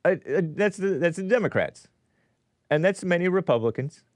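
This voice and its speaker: A man's voice: high voice, expressive, normal speed, a little mellow, no room sound. A man hosting a live-streamed commentary show, reacting to clips with sarcastic, mocking asides. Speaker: host.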